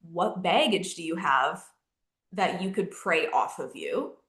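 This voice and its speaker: A woman's voice: lowish voice, expressive, slow, a bit bright. A woman in a casual faith podcast chat, speaking earnestly to listeners with frequent fillers. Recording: roomy echo.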